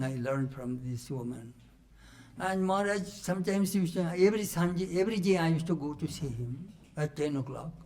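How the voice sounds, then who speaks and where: Animated older man telling stories. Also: fairly high pitch. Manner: animated, laughing storyteller. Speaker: monk recalling his teacher. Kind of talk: storytelling talk to a retreat audience.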